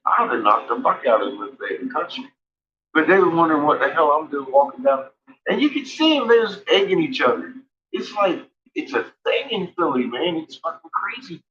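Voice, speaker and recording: A man's voice: fairly high pitch, sing-song, a little fast. Foul-mouthed man rambling on a dull stream. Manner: heavy swearing, laughs between remarks. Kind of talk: rambling casual storytelling.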